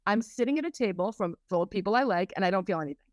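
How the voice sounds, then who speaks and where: A woman coach being interviewed on a podcast, talking in a lively way and acting out quoted voices. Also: mid-range voice, very fast, dry recording. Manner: lively and animated, acts out quotes in raised voices. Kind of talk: conversational interview.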